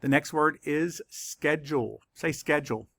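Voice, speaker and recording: A man with a gravelly voice leads a children's spelling lesson. He speaks slowly and carefully and sounds out each letter. His voice is recorded dry and close, with no room echo. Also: a little high, fairly bright tone. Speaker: teacher.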